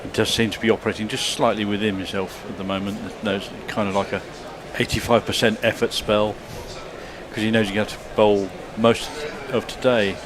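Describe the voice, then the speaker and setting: A male cricket pundit offering measured, thoughtful analysis in a relaxed chat. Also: fairly low pitch, background noise.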